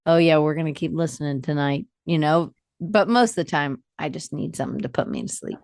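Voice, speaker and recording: Lively woman with a lowish, dry voice. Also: a little fast, dry recording. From Atlanta, US. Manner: lively storyteller who acts out quoted dialogue. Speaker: podcast guest, artist. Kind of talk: casual conversation.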